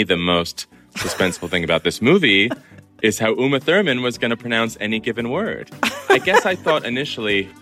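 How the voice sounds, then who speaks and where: Deep, bright-voiced male columnist guest. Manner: playful and animated. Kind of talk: interview conversation.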